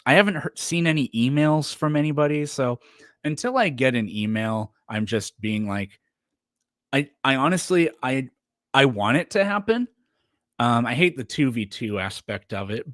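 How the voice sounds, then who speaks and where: A man's voice: mid-range voice, fairly bright tone, no echo, clean studio sound. Rambling man chatting on a stream. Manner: rambling, with lots of fillers and self-corrections. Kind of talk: casual livestream chat.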